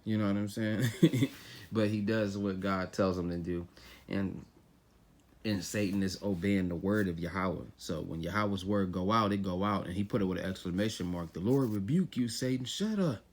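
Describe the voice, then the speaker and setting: A man with a fairly low voice teaches scripture as casual talk. He reads a verse, then unpacks it in relaxed street slang and keeps checking in with his listeners. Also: normal speed. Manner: loose and conversational, reading verses then explaining them in slang; often repeats "you know what I'm saying".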